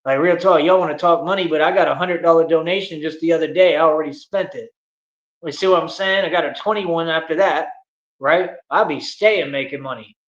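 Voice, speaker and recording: Fairly high-pitched and a little fast, this man taunts and brags in slang while ranting at critics during his livestream. The sound is muffled, lo-fi stream audio with room echo.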